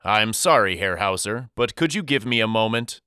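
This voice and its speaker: A man voicing a gentle, loving middle-aged father who speaks softly. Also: lowish voice, expressive, normal speed, smooth, dry recording, clean studio sound.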